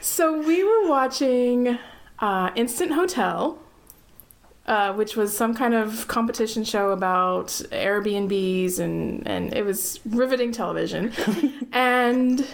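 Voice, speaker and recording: An American woman hosts a podcast, chatting casually with a guest in a bubbly, gushing manner and laughing easily. Her voice sits on the high side, with slow delivery and some vocal fry.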